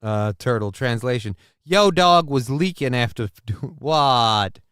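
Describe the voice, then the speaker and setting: A man's voice: medium pitch, lively intonation, takes it slowly, fairly bright tone, smooth, dry recording, clean studio sound. A man hosting a live talk stream, reacting to clips and reading out chat comments in a loose, profane way. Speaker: livestream talk show host.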